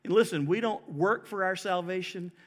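A man with a high voice preaches from the pulpit. He talks earnestly to his congregation, swelling to emphatic peaks and then falling back to a softer tone. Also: normal speed. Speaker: pastor. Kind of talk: sermon.

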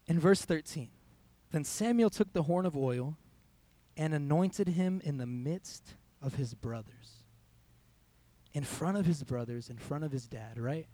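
A man's voice: on the high side, a little slow, mellow. A young man, a youth pastor, giving a conversational sermon in a church hall, telling a personal story and quoting his own thoughts.

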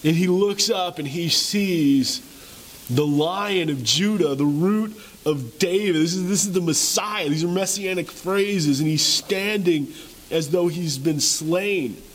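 High-voiced preacher telling a dramatic story. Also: male voice, slow pace, low-quality recording. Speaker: pastor. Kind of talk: sermon.

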